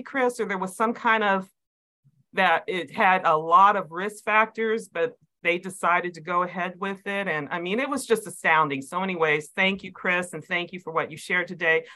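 A woman's voice: lowish voice, normal speed, bright, forceful tone, low-quality recording. A woman in a prayer group speaking enthusiastically in casual chat, with many fillers.

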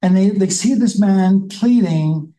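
Mellow-voiced, unhurried Bible study leader. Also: medium pitch, rough recording. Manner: reads scripture slowly, then reflects in a chatty, musing way. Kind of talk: conversational Bible teaching.

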